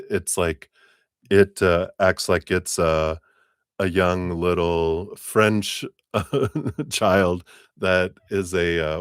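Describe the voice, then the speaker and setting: A man's voice: low voice, clear, resonant tone, no room sound, clean studio sound. A man giving a live tarot reading, rambling and chatty, often laughing at himself. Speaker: tarot reader.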